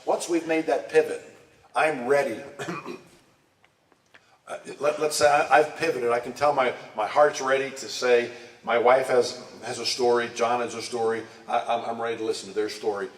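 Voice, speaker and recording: A man addresses a church congregation conversationally, frequently asking his listeners direct questions. He speaks at a medium pitch and normal speed with a steady tone, and the sanctuary recording is echoey, distant-miked, with faint ambience.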